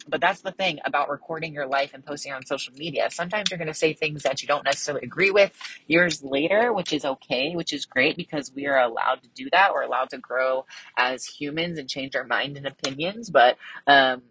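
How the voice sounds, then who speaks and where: A young woman hosting her own podcast, chatting casually and bubbly with lots of fillers, enunciating crisply. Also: low-pitched, brisk, fairly bright tone, slight background noise, rough recording. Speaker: podcast host. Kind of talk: casual solo podcast chat.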